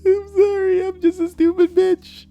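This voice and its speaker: A man voicing a crying young female coffee shop worker who begs in a whimpering falsetto. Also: level tone, normal speed, vocal fry, mellow, no echo, faint music behind. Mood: pleading. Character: sobbing young female barista begging, pitiful.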